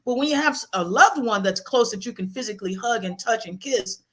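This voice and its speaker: A middle-aged woman telling personal stories as a guest author in an interview, animated and laughing often. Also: on the high side, fairly quick.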